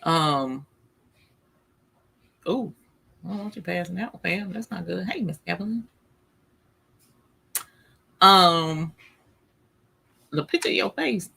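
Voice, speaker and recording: A man's voice: sits high, animated, takes it slowly, gravelly, long pauses, bright, forceful tone, slightly rough. A man hosting a casual livestream, greeting viewers by name and talking with playful exasperation. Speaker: livestream host. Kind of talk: casual live-stream chat with viewers.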